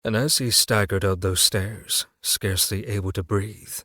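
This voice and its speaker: Man, audiobook narration, low pitch, dry, measured and dramatic. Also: steady tone, bright, forceful tone, dry recording.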